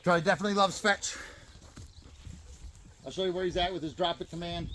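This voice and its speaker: A male dog trainer explaining recall training outdoors in a calm, practical way. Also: fairly quick, a little hiss or hum. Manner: calm explaining, bursts of high excited praise to a dog.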